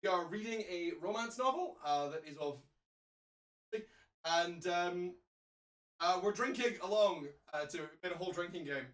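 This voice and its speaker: Brief: man, animated and bright, riffs and swears, distant echoey mic with faint hiss. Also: sits high, normal speed. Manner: laughing, swearing, riffs on the text. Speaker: co-host and drinking game co-author. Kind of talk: casual comedic banter.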